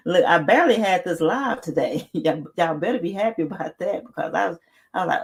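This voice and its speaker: A woman's voice: on the low side, lively intonation, measured pace, creaky, long pauses. Blunt, laughing woman livestream host. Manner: blunt, laughs often, repeats herself, swears casually. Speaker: livestream host reading chat. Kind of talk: casual livestream chat.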